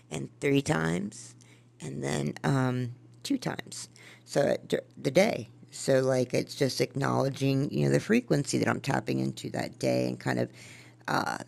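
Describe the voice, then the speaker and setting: A woman podcast host reading from her own journal and musing on it in a casual, rambling way, with a gravelly fry in her voice. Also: a bass voice, darkish tone. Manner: rambling, musing, trails off and restarts.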